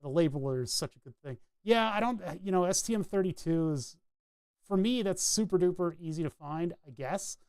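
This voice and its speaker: A chatty man talks through his soldering work in a casual, rambling way, thinking out loud about each connection. His voice sits a little high for a man. The sound is dry and close, with almost no room echo. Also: lively intonation, brisk, smooth. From New England. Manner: chatty, rambling, self-narrating as he works. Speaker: electronics hobbyist streamer. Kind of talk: casual talk while soldering.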